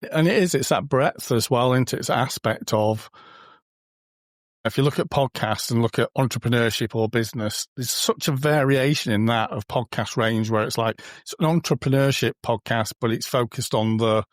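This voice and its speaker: A man's voice: medium pitch, moderate pace, no echo. A man, a guest on an interview podcast, talking in a chatty, informal way and acting out little quoted exchanges. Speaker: podcast guest, booking company co-founder. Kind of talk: casual conversational interview.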